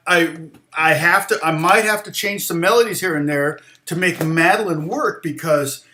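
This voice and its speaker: A man's voice: on the high side, echoey room. Rambling man teaching songwriting. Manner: rambling, halting, many restarts and fillers; sings lyric snippets softly to demonstrate. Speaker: guitar teacher. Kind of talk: casual livestream lesson.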